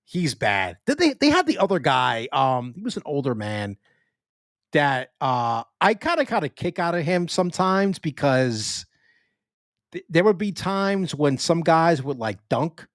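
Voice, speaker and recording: A man's voice: fairly high pitch, unhurried, no room sound. New york guy co-hosting a sports podcast, swears a lot, voice jumps all over, dry close sound. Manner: animated, swearing, lots of restarts. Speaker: podcast co-host. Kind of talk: casual sports podcast chat.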